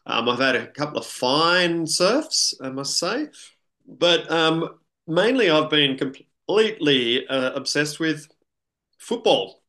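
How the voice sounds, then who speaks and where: Aussie guy co-hosting a podcast, bright tense voice, rambles and chuckles. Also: fairly high pitch, expressive, slow. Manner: rambling, chuckling, many fillers. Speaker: podcast co-host. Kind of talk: casual chat.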